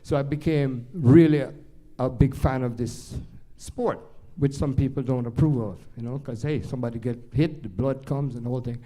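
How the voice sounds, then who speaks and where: An older Jamaican-accented man, a jazz pianist, tells rambling, animated stories to a live audience, restarting often. His pitch is medium and his pace normal, with few pauses.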